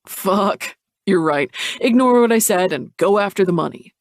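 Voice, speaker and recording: A man narrating an audiobook puts on a blunt tough guy from a rough background, curt and pushy, cursing freely. The voice sits in a middle register, a little higher and louder than the narrator's own, with a gravelly edge. It is dry and close, with no room sound. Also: expressive, normal speed, no echo. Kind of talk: audiobook character voice.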